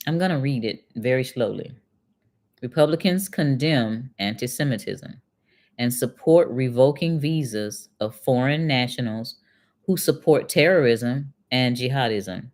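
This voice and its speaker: A woman's voice: very deep voice, lively intonation, a little slow, darkish tone. A middle-aged woman hosting a casual commentary, reading passages aloud and then answering them with pointed, conversational questions to her viewers. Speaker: channel host and retired accountant.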